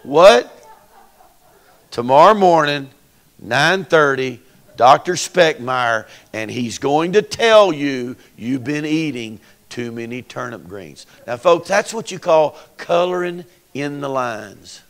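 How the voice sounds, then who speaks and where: Man preaching with a bright high voice. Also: lively intonation, slow. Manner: storytelling, building to loud preaching. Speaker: pastor. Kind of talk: sermon. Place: church sanctuary.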